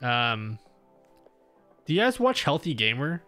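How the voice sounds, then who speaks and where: A man's voice: mid-range voice, big pitch swings, slow, pushed and bright. A young Australian man hosting a casual livestream, rambling to his viewers with lots of fillers and restarts. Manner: rambling, self-interrupting with many fillers. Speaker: livestream host. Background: faint music.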